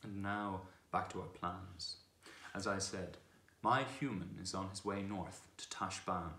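In an echoey room, a man reading from a storybook gives voice to a haughty stallion war horse, brisk and commanding with flashes of scorn. The very deep, low voice has a steady, sharp tone and is heavily acted.

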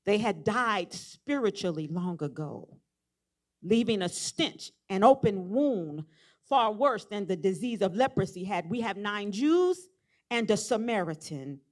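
A middle-aged woman preacher delivering a church sermon, telling the story quietly and then building to shouted, repeated rhetorical questions. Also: medium pitch, lively intonation, unhurried.

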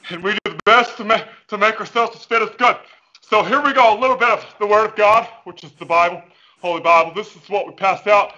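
A man's voice: sits high, fast talker, sharp tone, lo-fi sound. A man playing a hammy fitness-coach preacher. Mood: preachy. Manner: hammy, playful, over-the-top motivational patter. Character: goofy overconfident male fitness coach and preacher. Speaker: fitness guest. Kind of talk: comic character interview over video call. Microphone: headphones with mic.

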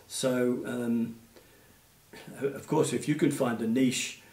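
An Australian man in his eighties, a retired puppeteer, telling gentle stories in an interview with many fillers. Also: mid-range voice, fairly even intonation, slow pace, far from the mic. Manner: gentle anecdotal storytelling, frequent fillers. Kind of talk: reminiscing interview. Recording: echoey room, off-mic.

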